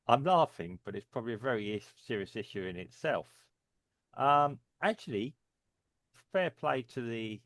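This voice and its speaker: Chuckling low-voiced man rambling. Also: no room sound. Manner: rambling, chuckling often, many fillers. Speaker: podcast co-host. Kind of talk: casual discussion.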